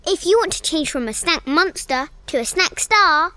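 A woman voicing a cheeky child snack monster in a scripted radio ad, bright and playful. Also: very high voice, animated, normal speed, no echo, full character voice.

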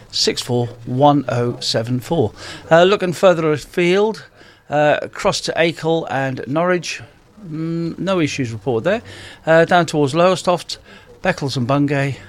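A man's voice: on the high side, normal speed. A man, presenting local radio and chatting informally through traffic news. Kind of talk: live radio traffic update and chat.

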